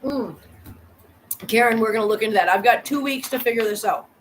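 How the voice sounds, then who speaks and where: A woman's voice: fairly high pitch, fairly quick, slight background noise, poor audio. A woman hosting a live chat with viewers. She talks chattily, repeats words and answers comments directly. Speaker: channel host.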